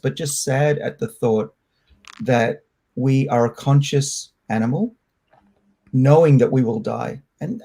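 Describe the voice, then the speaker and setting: A middle-aged man from Australia, a scientist answering interview questions in a candid, reflective, loose and halting way. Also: medium pitch, creaky, warm tone. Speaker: scientist guest.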